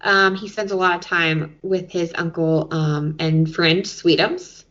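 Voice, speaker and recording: A woman's voice: on the low side, steady tone, measured pace, fairly bright tone, lo-fi sound. A woman co-hosting a podcast, casually recapping TV episodes and explaining each sketch step by step. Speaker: podcast co-host.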